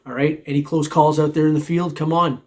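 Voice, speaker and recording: Slight background noise sits behind a man whose somewhat high, slightly mellow voice moves little in pitch and runs a bit fast. He's the host of a metal detecting vlog, casually rambling to viewers with frequent chuckles and plenty of "man."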